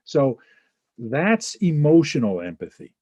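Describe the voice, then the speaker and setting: A man's voice: a little high, sing-song, unhurried, warm tone, husky, no echo, muffled recording. A man presenting a webinar over a video call, acting out little scenes and checking in with "right?". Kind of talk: teaching talk with examples.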